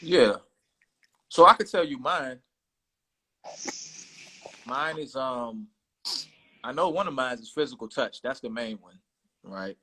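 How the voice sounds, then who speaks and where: A man's voice: mid-range voice, animated, slow, long pauses, bright, forceful tone, slightly rough, poor audio. A man in his thirties, a guest in a casual interview, speaking candidly and thoughtfully about himself. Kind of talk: casual conversation.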